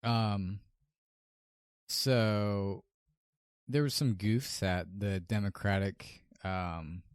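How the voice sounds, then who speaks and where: A man's voice: lowish voice, steady tone, extremely slow, smooth, no echo, clean studio sound. A young man co-hosting a podcast in casual chat, laid-back, swearing often and laughing. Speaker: podcast co-host.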